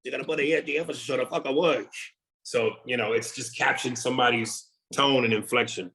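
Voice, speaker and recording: A comedian guest talking casually in an interview, animated and often repeating words while he thinks. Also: mid-range voice, a little fast, rough recording.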